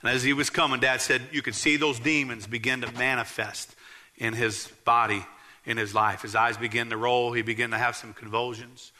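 A man, preaching a sermon as pastor in a church, earnestly emphatic and dropping low to tell stories. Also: flat delivery, normal speed, sharp tone. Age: 40s.

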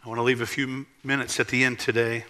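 A man, preaching a sermon as pastor in a church, earnestly emphatic and dropping low to tell stories. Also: level tone, fast, sharp tone. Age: 40s.

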